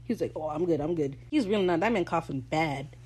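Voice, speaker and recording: A woman hosting a casual podcast episode recap, animated and slangy, swearing freely and laughing between lines. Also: deep voice, fairly quick, slightly rough, low-quality recording. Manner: laughs while talking. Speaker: podcast host.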